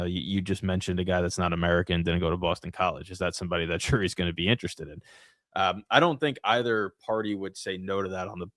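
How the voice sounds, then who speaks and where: A man's voice: deep voice, no room sound. A man co-hosting a sports podcast, talking casually and thinking aloud as he speculates, often restarting his sentences. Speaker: podcast co-host.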